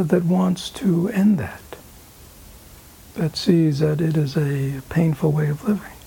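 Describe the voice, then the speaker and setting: Guy giving a meditation talk, super husky and breathy, slips into whispers, lots of uh and right?. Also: on the high side, dark tone. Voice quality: often drops to an unvoiced whisper. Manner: halting, many fillers, rhetorical "right?". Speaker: meditation teacher. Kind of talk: dharma talk answering questions.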